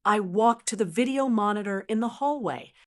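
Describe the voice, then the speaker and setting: Older woman telling her own story, cool and unhurried, mid-range pitch. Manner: calm, cold, deliberate. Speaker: narrator. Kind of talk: scripted first-person narration.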